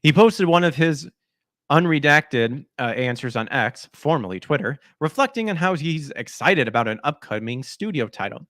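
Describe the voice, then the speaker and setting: A man's voice: fairly high pitch, animated, normal speed, fairly bright tone, no room sound, studio quality. A man hosting a gaming podcast, ranting sarcastically about news articles in a mocking, crude way. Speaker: podcast host.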